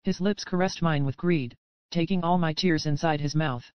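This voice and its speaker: Smooth-voiced woman audiobook narrator. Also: low voice, normal speed, dry recording, dull audio. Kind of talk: scripted first-person audiobook narration.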